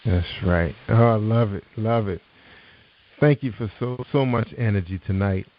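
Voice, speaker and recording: A man's voice: fairly low pitch, moderate pace. A man hosting an internet radio show, upbeat and encouraging, with many ums and you-knows. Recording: muffled lo-fi sound.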